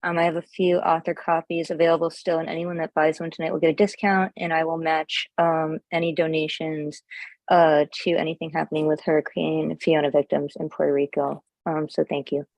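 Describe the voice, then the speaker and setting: A woman reading her own poems at an online open mic in a deadpan manner over a video call. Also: low-pitched, a little fast, creaky, no echo. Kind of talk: poetry reading.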